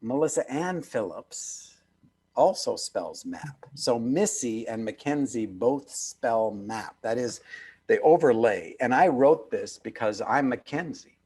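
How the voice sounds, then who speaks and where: A man's voice: medium pitch, animated, slow pace, a little mellow, breathy edge. A man over fifty, an author being interviewed, talking in an earnest, emphatic way and repeating phrases for weight. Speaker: author and guest. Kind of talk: reflective interview talk. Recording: video call.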